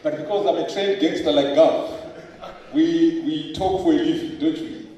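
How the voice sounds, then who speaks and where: Guy giving a fired-up book launch speech, kinda high voice, far off in a really echoey hall. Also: normal speed, mellow. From Zimbabwe. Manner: rhetorical questions, jokes, emphatic repetition. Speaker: professor and author at a book launch. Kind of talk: lively public speech.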